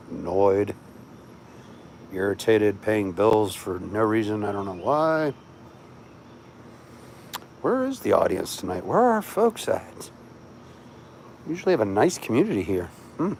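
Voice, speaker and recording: A man's voice: on the low side, vocal fry, a little mellow, slight background noise. A middle-aged man from the United States hosting a casual livestream, chatting and answering viewer comments as they come in. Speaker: livestream host.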